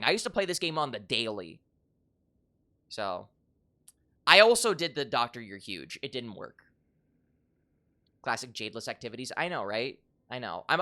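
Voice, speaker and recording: A streamer chatting casually on a live stream, excitable and crude, joking around and getting loud and high-pitched when riled up. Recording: stream audio with game music behind.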